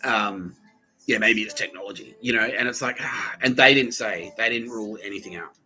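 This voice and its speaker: A slightly low-voiced man rambles through a personal story, swearing freely and filling gaps with "like" and nervous laughs. His tone is bright and forceful. Faint music plays underneath. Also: brisk, low-quality recording. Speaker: podcast host.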